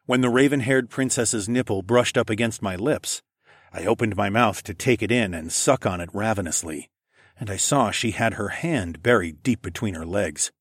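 A man with a fairly low voice narrates an adult story in the first person, reading steadily on a close mic. The sound is dry and intimate, with no room behind it. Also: normal speed, breathy edge, no room sound.

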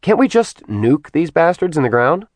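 A man's voice: a little high, very animated, moderate pace, no echo, voice pushed up. A man voicing a flippant, wisecracking young man. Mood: snarky. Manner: snarky, flippant.

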